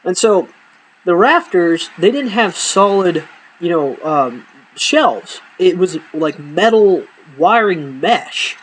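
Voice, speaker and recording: A man's voice: sits high, slow pace, a little hiss or hum, low-quality recording. A young man telling comic stories from his own life, swearing a lot and dropping punchlines with a straight face. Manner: profane, exaggerating, deadpan punchlines. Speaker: storyteller. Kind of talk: comedic personal storytelling.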